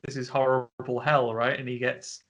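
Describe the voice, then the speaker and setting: A man's voice: medium pitch, little pitch movement, normal speed, a bit bright. A man co-hosting a casual horror film podcast over a video call, retelling scenes and putting on character voices. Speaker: podcast co-host. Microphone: home mic on a video call.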